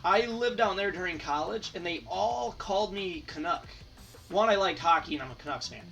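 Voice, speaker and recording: A man's voice: high voice, animated, normal speed, creaky, bright, forceful tone, distant mic, faint music behind. A man from Michigan chatting casually as he sorts and counts hockey cards aloud for his channel. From Michigan, United States. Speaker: hockey card collector, channel host. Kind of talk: casual card-sorting commentary.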